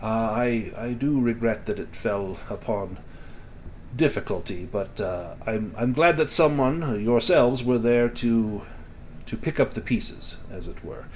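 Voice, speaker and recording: A man voicing a wealthy, affable male merchant who talks in a smooth, courteous, ingratiating way. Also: mid-range voice, unhurried, darkish tone, slight background noise, natural voice. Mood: polite.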